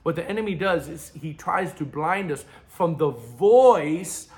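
A man preaching a sermon as pastor, swinging between loud emphatic bursts and quiet asides. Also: on the high side, expressive, unhurried, soft background music.

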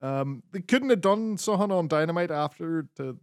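A man's voice: fairly high pitch, expressive, moderate pace, dry recording. Laid-back man recapping, dry mic. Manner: laid-back, recapping with frequent fillers and swearing. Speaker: podcast co-host. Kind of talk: casual wrestling chat.

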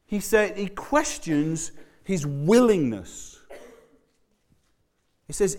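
Male pastor, conversational sermon delivery, animated and halting, mid-high voice. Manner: conversational, animated, stammering restarts.

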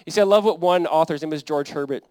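A man's voice: on the high side, rapid-fire, a little mellow, clean tone, dry recording. A young adult man, a pastor, preaching a sermon in an earnest, conversational way that builds to emphatic peaks.

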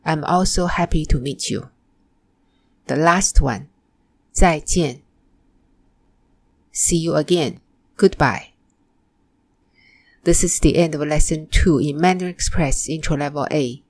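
Woman teacher, deep-ish voice, takes her time, scripted mandarin lesson. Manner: slow, careful model pronunciation of example phrases. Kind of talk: scripted language lesson narration.

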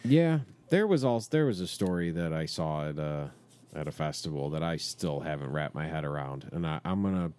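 A man in casual chat, making dry joking asides that often drop low and quiet. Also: animated, a little fast, smooth.

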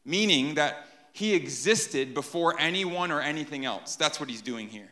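A man preaching an animated sermon to a live congregation, often checking in with "right?". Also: a little high, moderate pace. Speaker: pastor.

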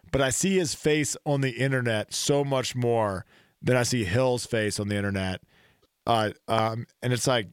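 Guy cohosting a sports podcast, lively and jokey, dry close sound. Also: mid-range voice, no echo. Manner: animated, does jokey voices in stories. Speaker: podcast co-host. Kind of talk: casual sports chat.

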